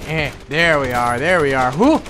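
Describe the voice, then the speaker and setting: A young man giving excitable gameplay commentary as a gaming video host, breaking into loud reactions. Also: a little high, normal speed, background noise. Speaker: gaming YouTuber. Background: game music and gunfire.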